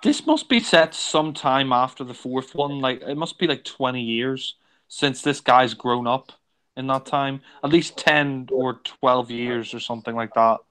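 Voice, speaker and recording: Bright, clear-voiced man chatting about a film. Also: medium pitch, unhurried, rough recording. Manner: rambling, chatty, lots of fillers. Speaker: film commentator. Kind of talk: casual film commentary.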